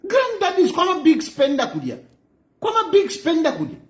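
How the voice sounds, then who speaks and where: A man's voice: very high voice, wildly swooping pitch, normal speed. A man with a Zambian accent, lecturing in a mocking way and repeating phrases for emphasis, recorded in an echoey room. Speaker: political commentator. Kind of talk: impassioned monologue.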